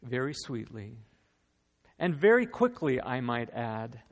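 Male pastor, gravelly voice, earnest storyteller, preaching a sermon in a big echoing hall. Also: mid-range voice, big pitch swings, slow pace. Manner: earnest, storytelling, repeats words when starting a phrase. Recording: long reverb of a large hall.

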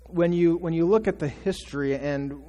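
Pastor, male, slightly raised pitch, conversational sermon full of rhetorical questions, long church reverb. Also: moderate pace, warm tone. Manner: conversational preaching with rhetorical questions and acted quotes. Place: church sanctuary.

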